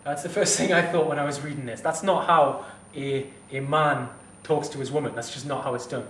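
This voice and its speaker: A man's voice: fairly high pitch, steady tone, a little fast, a bit bright, far from the mic, a little hiss or hum. Indignant man in an echoey room. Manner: heated, indignant, blunt, swears. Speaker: fitness instructor. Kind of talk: direct-to-camera advice vlog.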